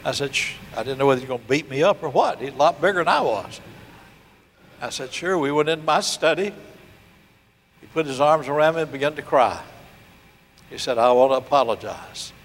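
An older man preaching a sermon, telling a story and acting out the voices, slowing down to stress key points. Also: mid-range voice, expressive, long reverb tail. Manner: storytelling preacher, acts out dialogue, slows for emphasis. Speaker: pastor.

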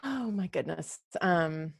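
A woman guest on a podcast, talking casually and chatting with a quick laugh. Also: on the low side, expressive, gravelly, no echo, clean studio sound. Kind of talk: casual conversation.

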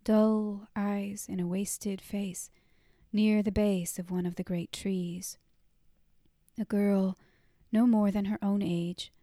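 Woman doing whispered role-play storytelling, slow soft hush, dark mellow tone. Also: medium pitch, no room sound, clean studio sound. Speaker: narrator.

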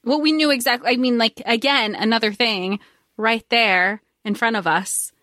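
A woman's voice: fairly high pitch, moderate pace, pushed and bright, no echo, clean studio sound. A woman co-hosting a podcast, talking animatedly about a book and joking as she acts out the characters' lines. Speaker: podcast co-host. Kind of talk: casual book discussion.

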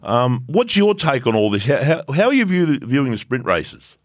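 A man's voice: medium pitch, big pitch swings, moderate pace, dry recording, studio quality. A man hosting a podcast, bantering casually with guests, swearing freely and laughing a lot. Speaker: podcast host.

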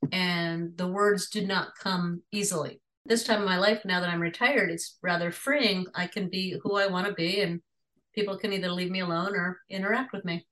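A woman's voice: lowish voice, fairly even intonation, moderate pace, fairly bright tone, poor audio. A retired teacher in her sixties, a woman, speaking frankly and conversationally about her life in an interview. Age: 60s. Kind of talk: personal storytelling.

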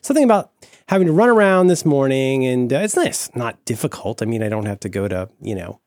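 Animated rambling man on a podcast call. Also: medium pitch, quick pace, no echo, clean studio sound. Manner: rambling, self-interrupting, playful silly voices. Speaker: podcast guest. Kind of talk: casual podcast chat. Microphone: remote call mic.

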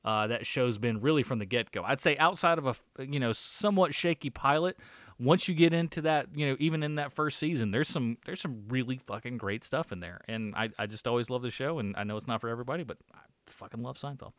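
A man's voice: mid-range voice, quick pace, fairly bright tone, dry recording, clean studio sound. A man co-hosting a movie review podcast, chatting casually in a rambling way, with lots of swearing and fillers. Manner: rambling, profane, filler-heavy. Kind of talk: casual chat.

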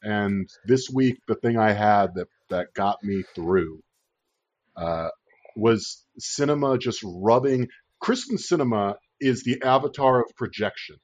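A podcast host with a lowish voice rants sarcastically and swears freely at a measured pace during a casual political chat. The recording sounds dull, lo-fi and dry.

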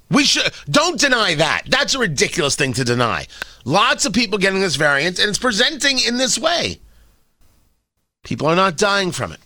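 A man's voice: high-pitched, pushed and bright, dry recording, clean studio sound. A man hosting an opinion commentary monologue, sardonic and opinionated, firing off emphatic rhetorical questions. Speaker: commentary show host.

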